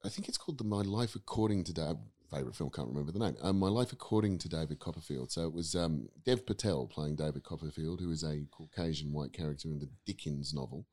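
An Australian man with an exceptionally deep voice talks through his views on acting in a relaxed podcast chat. He is thoughtful and rambling, often restarting his sentences as he works toward a point. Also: fast, few pauses. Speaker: guest actor and acting teacher. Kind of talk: casual podcast discussion.

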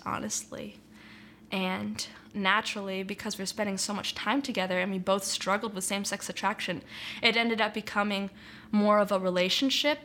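A woman's voice: medium pitch, bright, forceful tone, a little hiss or hum. A young woman telling her personal faith testimony in an earnest, reflective, conversational way, with frequent "like" and "you know". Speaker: interviewee sharing testimony.

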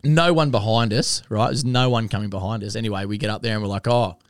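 A man co-hosting a podcast, telling a story in animated, laughing banter and swearing freely. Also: fairly low pitch, quick pace, no room sound, clean studio sound. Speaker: podcast co-host. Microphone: podcast mic with headphones.

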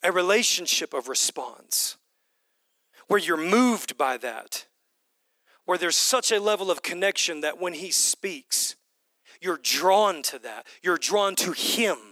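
A man preaching a sermon to his congregation, animated, swinging between loud bursts and hushed whispers. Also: high voice, slow pace, dry recording. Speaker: pastor. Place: church hall with congregation.

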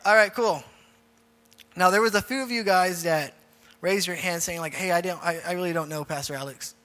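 A man's voice: sits high, fairly quick, bright, forceful tone. A man preaching as a youth pastor in a casual, repetitive style, leading a group prayer. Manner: informal, repeats phrases, leads group prayer. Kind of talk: casual youth sermon with altar call. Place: church hall. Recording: reverberant hall with faint music.

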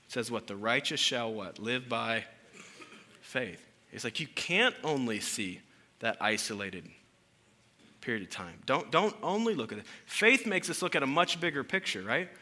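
A pastor in his thirties delivers a sermon in a loose, conversational way. His voice is bright and forward, and he peppers the talk with jokes and questions to the congregation. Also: mid-range voice, big pitch swings, moderate pace. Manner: casual, joking, conversational preaching with questions to the congregation.

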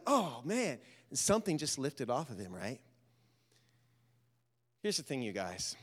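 A man preaching a sermon, telling a story and urging his listeners, talking casually and building to loud, animated exhortation. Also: medium pitch, moderate pace, long pauses. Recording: reverberant hall.

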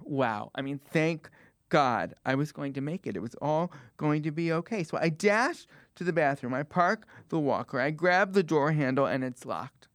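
A man's voice: moderate pace, no echo, studio quality. Self-mocking young man doing stand-up. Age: 20s. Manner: animated, with sudden comic jumps in pitch and bursts of laughter. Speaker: stand-up comedian. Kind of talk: comic storytelling monologue.

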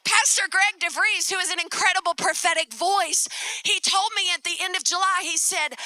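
A middle-aged woman preaching at a conference, telling a story with lively calls to the crowd. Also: very high voice, normal speed, no echo. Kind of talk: sermon. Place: conference stage.

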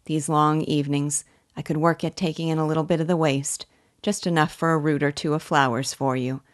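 A woman voicing a gentle, humble old male village weaver who talks in mild, plain country speech. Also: deep voice, steady tone, brisk, no echo, studio quality, natural voice. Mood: earnest.

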